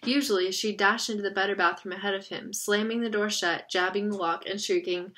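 A woman reading a novel aloud as narrator. Her tone is bright and crisp. The delivery is steady and expressive. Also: medium pitch, fairly quick, hardly any pauses. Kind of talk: audiobook reading.

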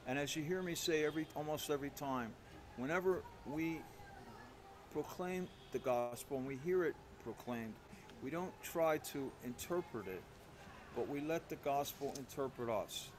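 A man's voice: a little high, normal speed, noisy background. Man giving a conversational homily. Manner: self-deprecating storyteller, conversational with frequent restarts. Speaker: priest. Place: church.

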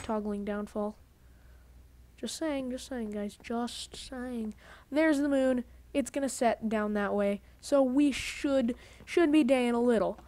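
A woman's voice: on the high side, darkish tone, slight background noise. A woman giving casual let's-play commentary on a headset, rambling, grumbling and cutting herself off mid-sentence. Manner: rambling, self-interrupting, grumbling. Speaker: gaming video host.

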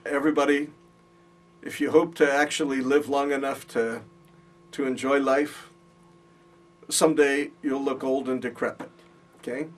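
A man's voice: medium pitch, flat delivery, normal speed, long pauses. A man teaching a Bible college class, explaining patiently and checking in with his students, recorded in a classroom from a distance. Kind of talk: classroom lecture. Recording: voice from far off.

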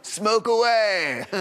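A man's voice: sits high, fairly bright tone, a little hiss or hum, full character voice. A man playing a laid-back stoner who drawls and giggles.

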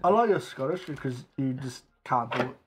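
A man's voice: mid-range voice, expressive, a little fast, over loud music. A man co-hosting a casual chat about tabletop games, teasing and laughing. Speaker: co-host.

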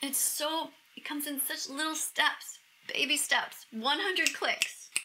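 A middle-aged woman with a high, piercingly bright voice gushes emotionally to the camera. She reacts to a video and keeps slipping into breathy whispers. The delivery is intense and heartfelt. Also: takes it slowly, slight background noise, rough recording. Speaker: vegan activist vlogger.

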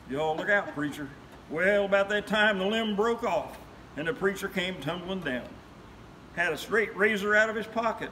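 High-voiced man reciting a funny story poem. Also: animated, moderate pace, a little hiss or hum, poor audio. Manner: rhythmic storytelling with loud, rising cries. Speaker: guest.

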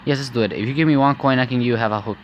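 A man's voice: mid-range voice, racing, highs cut off, a little hiss or hum, natural voice. A man voicing a cheerful game smith. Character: friendly grown man, a metal smith.

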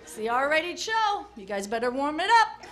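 Brash high-voiced woman doing crude stand-up. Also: big pitch swings, moderate pace, a bit bright. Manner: brash, crude, heckles the audience. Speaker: stand-up comic. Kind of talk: live stand-up comedy. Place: comedy club stage with a live audience. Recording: live club recording with crowd laughter and noise.

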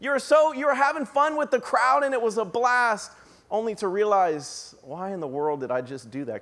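A male pastor preaching a sermon, animated, acting out the shouting crowd as he tells it. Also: sits high. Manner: animated, acts out excited crowd voices.

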